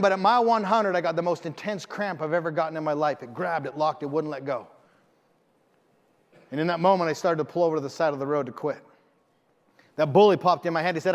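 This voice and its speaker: A man's voice: sits high, fast talker. A man giving a motivational keynote, telling a story with emphasis and acting out the lines of the people in it. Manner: emphatic, acts out dialogue in the story. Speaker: keynote speaker. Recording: long hall reverb.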